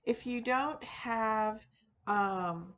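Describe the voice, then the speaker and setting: A woman with a fairly high voice talks slowly to her viewers, loosely and without a script. She wanders with fillers, restarts her sentences and laughs off her own muddled points. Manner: rambling, frequent fillers and restarts, self-deprecating. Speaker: witchcraft video host; teacher of classes. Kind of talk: casual unscripted monologue.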